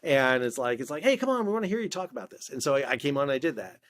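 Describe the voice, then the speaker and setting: A middle-aged man, formerly a ship officer and now a maritime expert and video creator, speaks very fast in a mid-range voice with slight background noise. Guesting in a casual interview, he tells stories animatedly, restarting repeatedly and acting out dialogue.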